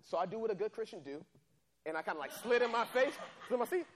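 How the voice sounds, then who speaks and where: A man preaching a sermon, telling a personal story with animated, acted-out scenes. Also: high-pitched, fast talker.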